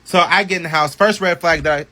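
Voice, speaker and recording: Animated, bright-voiced man telling a story. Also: fairly high pitch, fairly quick. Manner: animated, profane, chatty storytelling with many asides. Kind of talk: casual storytime vlog.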